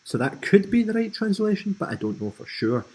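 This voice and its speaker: A Scottish man from Scotland hosting a screen-recorded software tutorial, explaining in a casual, friendly way with frequent ums and asides. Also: high voice, sing-song, a little fast, slightly rough, low-quality recording. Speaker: tutorial host.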